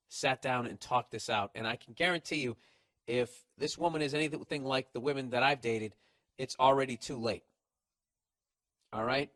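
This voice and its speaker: A man's voice: medium pitch, fairly bright tone, dry recording. A man hosting a podcast, giving blunt, profane, rambling comedic advice. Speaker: podcast host.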